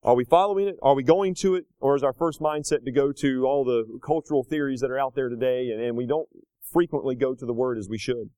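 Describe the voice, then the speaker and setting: Man in his thirties preaching. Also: no room sound. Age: 30s. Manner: swings between loud emphatic peaks and low conversational asides; slows down hard on key phrases. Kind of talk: sermon.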